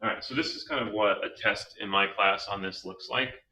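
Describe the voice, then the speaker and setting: Deep-voiced man teaching slowly, patiently. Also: fairly even intonation, bright, forceful tone, far from the mic, low-quality recording. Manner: patient, walks through reasoning step by step. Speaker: Spanish teacher. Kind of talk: slow explanatory lesson.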